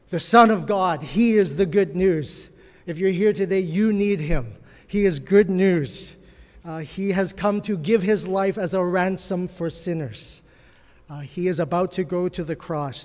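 Male pastor, earnest sermon, high voice, slow deliberate delivery, long hall reverb. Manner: slow, earnest preaching with emphatic swells.

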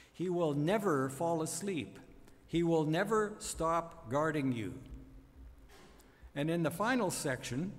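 A man's voice: on the high side, long reverb tail. A man preaching a sermon on a psalm, emphatic and building to repeated refrains.

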